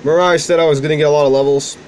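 A man hosting a game stream, giving excitable, profane commentary as he plays. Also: a little high, racing, slight background noise, rough recording. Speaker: gaming channel host playing the game. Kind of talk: casual gameplay commentary.

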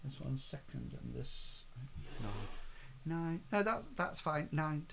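A man running a tabletop role-playing game as its game master. He talks slowly and haltingly, filling his gaps with ums and sort-of-likes while he describes the action. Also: fairly high pitch, expressive, gravelly, noisy background. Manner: halting, many ums and hedges.

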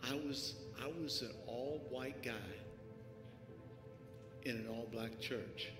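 A man preaching as a pastor, giving an altar call with pleading, repetitive urging that swells at times into shouts. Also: medium pitch, steady tone, slow pace, over music. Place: church sanctuary with live music. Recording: echoey hall, live stream.

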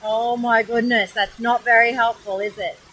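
An Australian woman reads a children's picture book aloud outdoors by a waterfall. Her voice is high and bright, and she reads in an animated, expressive way. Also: normal speed, poor audio. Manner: animated, expressive storybook reading. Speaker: storyteller.

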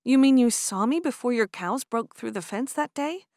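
A woman's voice: a little high, lively intonation, normal speed, a little mellow, dry recording, studio quality, pitched above the performer's own voice. A woman reading the part of a nervous young Amish woman in an audiobook, hesitant and earnest.

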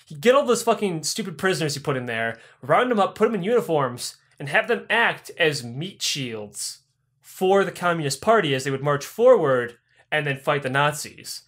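A man retelling history for comedy in a profane, rambling, animated way. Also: a little high, normal speed. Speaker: podcast host.

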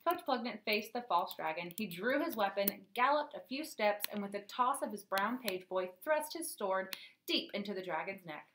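A woman narrating a children's storybook in a lively, clear reading voice. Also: medium pitch, normal speed, a little hiss or hum. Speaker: audiobook narrator.

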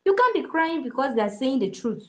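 Brief: high-pitched Nigerian woman, heated opinion rant, hammers each point home. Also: very animated, moderate pace, fairly bright tone. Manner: heated, emphatic, repetitive. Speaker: speaker in an online audio chat.

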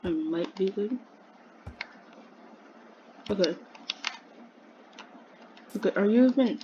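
A woman's voice: mid-range voice, lively intonation, takes it slowly, pauses often, background noise. A woman giving casual, jokey commentary on her game, rambling and talking to her character. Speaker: gamer. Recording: muffled mic with loud keyboard clicks.

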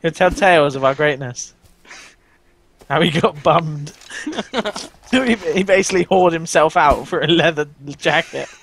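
A man's voice: a little high, measured pace, fairly bright tone, slight background noise. A man bantering and joking while playing a game with a friend. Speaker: gaming channel host. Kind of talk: casual gaming commentary with a co-player.

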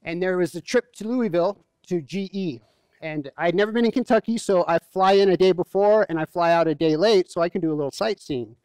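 A male pastor delivers a sermon in a relaxed, joking, storytelling manner. His voice sits high for a man. The sound is dry and close, with little room echo. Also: fairly quick, clean tone. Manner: conversational, humorous storytelling. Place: church.

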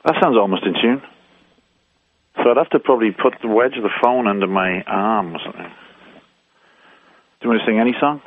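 Brief: man, relaxed rambling musician, phone-line sound, slightly husky. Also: lowish voice, brisk, long pauses. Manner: easygoing, rambling. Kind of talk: casual phone chat.

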